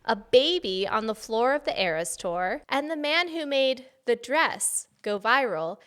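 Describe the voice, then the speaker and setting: A woman's voice: a little high, animated, measured pace, fairly bright tone. Playful young woman reading pop headlines. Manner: playful, jokey, reads headlines in a mock news-anchor voice. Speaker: podcast co-host. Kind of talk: casual chat, reading headlines.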